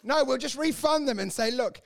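A man, rambling excitably and swearing in casual podcast banter. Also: very high voice, normal speed, gravelly. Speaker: podcast co-host.

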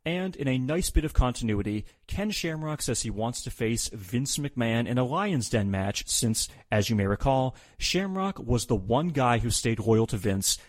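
A male podcast host talks through a recap in a casual, joking way. His pitch swings a lot, and he often slips into voices when he quotes people. The recording is dry and close. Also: expressive, moderate pace, hardly any pauses, no echo.

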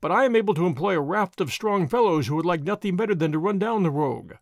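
A man's voice: high voice, animated, quick pace, dry recording, studio quality. A man reading the part of a lazy, ironic young nobleman in an audiobook, drawling and mildly mocking. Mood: languid.

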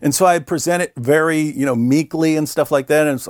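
Animated middle-aged man telling a story. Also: mid-range voice, fairly quick, dry recording, clean studio sound. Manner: animated, acts out quoted voices. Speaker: interview guest. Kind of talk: conversational storytelling.

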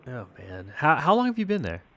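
A man's voice: a little high, huge pitch swings, brisk, bright, forceful tone. A man hosting a podcast, chatty and friendly, introducing a guest and interviewing him. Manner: friendly, chatty, some filler hesitations. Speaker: podcast host.

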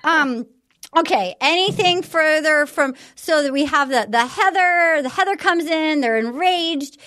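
A woman hosting a casual recap podcast, retelling scenes with lively quoted lines and laughs. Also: high-pitched, measured pace, a little hiss or hum. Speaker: podcast host.

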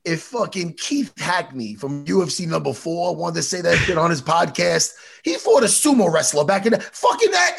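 A man's voice: fairly high pitch, moderate pace, vocal fry, hardly any pauses, breathy edge. A man hosting a podcast in casual, profane, rambling chat. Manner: animated, swears a lot, rambling. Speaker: podcast host.

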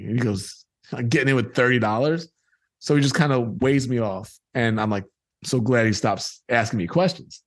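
A middle-aged man telling a personal childhood story and acting out the people in it. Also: medium pitch.

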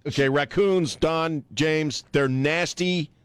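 A man's voice: a little high, takes it slowly, clear, resonant tone. A man hosting a talk radio show, ranting emphatically and laughing with his co-hosts. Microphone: studio mic.

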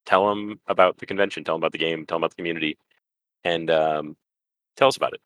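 Very deep, fast-talking podcast co-host man. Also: fairly even intonation, fairly bright tone, dry recording. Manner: quick, upbeat, repeats words. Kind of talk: casual chat.

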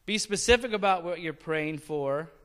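A man's voice: fairly high pitch, expressive, moderate pace, fairly bright tone, smooth, in a large hall. A male pastor preaching a sermon in a conversational way, asking the congregation questions and slipping in light jokes.

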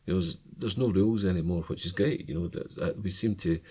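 A husky, very deep-voiced man chats about music in an easygoing way. He leans on fillers and repeats his first words. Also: fast talker, warm tone. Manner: easygoing, many fillers and stutters. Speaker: music interviewee. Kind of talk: casual interview talk.

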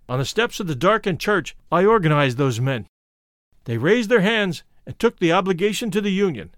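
Male audiobook narrator, high and animated, close dry sound, expressive memoir read. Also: normal speed, no echo. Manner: expressive storytelling reading, voicing quoted speakers. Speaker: audiobook reader.

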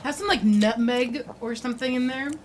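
A man voicing Joey, a small, timid character with a soft, hesitant way of talking. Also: very high-pitched, moderate pace, slight background noise, voice pushed up. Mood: meek.

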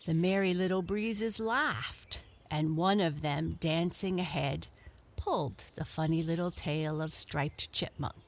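A woman storyteller reading a children's story aloud in a gentle, expressive way. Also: sits low, unhurried.

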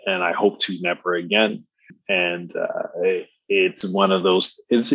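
A man with a baritone voice chatting as a podcast guest, slangy and laid-back, laughing often. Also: creaky, a bit bright, husky, no echo, low-quality recording. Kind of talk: casual conversational storytelling.

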